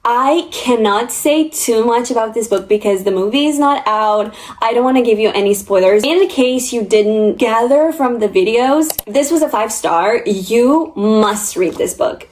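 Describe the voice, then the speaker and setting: A woman's voice: fairly high pitch, lively intonation, moderate pace, few pauses, darkish tone. A young woman vlogging about books, talking in a chatty, gushing and emotional way. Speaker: book vlogger. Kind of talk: casual chat.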